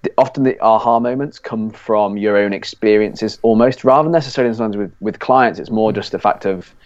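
A fitness coach chatting on a podcast, reflective and relaxed, with sudden emphatic bursts. His voice is fairly low, and the recording is dry and a little dull. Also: a little fast, no echo. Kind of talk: casual podcast chat.

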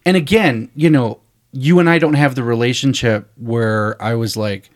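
A man's voice: medium pitch, normal speed. A man, a screenwriter, chatting casually on a podcast and telling a story, acting out quoted dialogue and swearing freely. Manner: profane, candid.

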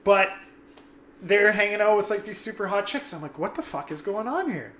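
A young man tells a story with animated swearing and plays his friends' lines as he goes. His voice is bright and a little high, and the room gives it a clear echo. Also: moderate pace. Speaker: guest telling a story. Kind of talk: casual storytelling.

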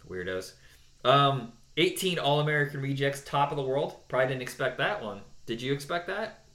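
A man's voice: mid-range voice, moderate pace. Opinionated man in an echoey room. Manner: animated, opinionated, with mocking put-on voices. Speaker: podcast co-host. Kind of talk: casual chat counting down songs.

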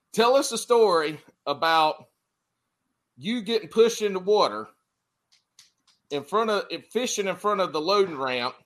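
Man, podcast host, casual, laughs often, swears, slightly high voice, very expressive pitch. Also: slow, pauses often. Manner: animated, laughs a lot, swears freely. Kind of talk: casual chat.

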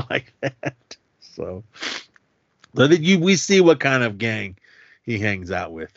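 A low-voiced man co-hosts a podcast, chatting casually through a film's plot while acting out character lines in raised voices and chuckling. The recording is dry, lo-fi and slightly dull.

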